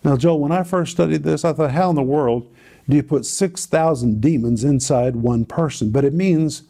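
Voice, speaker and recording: A man's voice: medium pitch, dark tone, slightly rough. A man teaching on a Bible passage to a co-host, telling it in a dramatic, emphatic way with repeated phrases.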